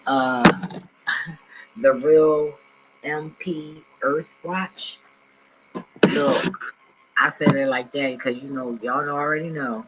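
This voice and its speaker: Talking to his viewers from home, a man in his forties rambles in slangy vlog style and keeps getting sidetracked. His voice is on the high side and steady, delivered slowly with many pauses. Heavy background noise fills the dull, lo-fi audio.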